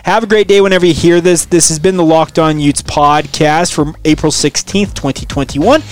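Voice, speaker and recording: A man hosting a sports podcast, chatting casually and upbeat with his co-host. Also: a little high. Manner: conversational, upbeat sign-off, quick laughs.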